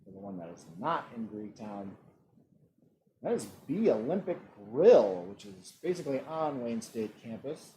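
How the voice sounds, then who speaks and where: A man hosting an online trivia game. He reads out multiple-choice questions and adds relaxed joking asides. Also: medium pitch, moderate pace, a little hiss or hum. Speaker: trivia quiz host.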